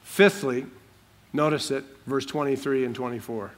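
A man's voice: medium pitch, moderate pace. A man preaching a sermon, working through a Bible passage verse by verse and repeating phrases for stress, in a church sanctuary. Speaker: pastor.

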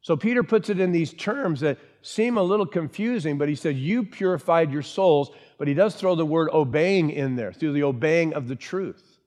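Male pastor, sermon delivery, fairly high voice, emphatic, repeats key lines. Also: normal speed, a little mellow. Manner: emphatic, repeats key phrases, asks the congregation questions.

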